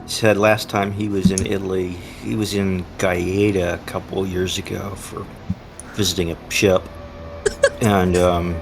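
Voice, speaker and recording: A man with a low voice chats casually with a streamer over a call, relaxed and chuckling between stories. Faint music sits in the background. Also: measured pace, gravelly. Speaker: co-player. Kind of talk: casual chat.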